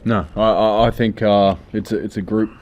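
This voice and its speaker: A man, a rugby player, answering in a measured way on behalf of his team. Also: on the low side, level tone, darkish tone, slight background noise. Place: press conference room. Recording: dull lo-fi sound.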